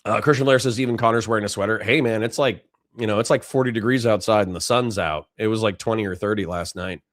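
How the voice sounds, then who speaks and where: A man's voice: fairly low pitch, fairly even intonation, fairly quick, no room sound, clean studio sound. A tired man hosting a casual livestream, reading chat messages and rambling candidly with lots of fillers and restarts. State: tired, yawning. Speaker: streamer host reading chat.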